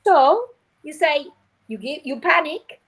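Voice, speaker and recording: A woman phonics teacher trainer, a guest on a show, explaining her methods in a lively way and acting out classroom scenes. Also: sits high, slow, poor audio. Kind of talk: animated teaching talk.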